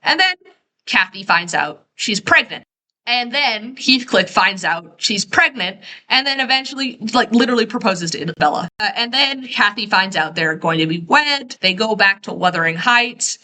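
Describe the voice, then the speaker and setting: A woman in her twenties giving a casual, profane, sarcastic rant as she recaps a story, tossing in quick quoted asides. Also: medium pitch, expressive, bright, forceful tone, poor audio. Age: 20s. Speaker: video essayist.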